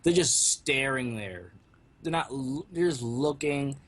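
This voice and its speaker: A man with an ordinary pitch chats through a wrestling review with his co-host. He drops in dry, wry asides and calmly corrects his partner. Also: a little slow. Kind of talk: casual review chat.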